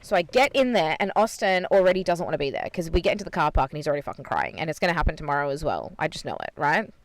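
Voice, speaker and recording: A woman's voice: low voice, sing-song, rapid-fire. A woman podcast co-host telling a story in casual chat, swearing freely and retelling things with energy, recorded inside a parked car.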